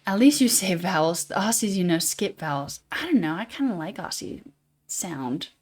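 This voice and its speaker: A woman with a Utah accent hosting a livestream, chatting casually in a fairly monotone way and reading chat comments aloud. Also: lowish voice, moderate pace. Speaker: livestream host.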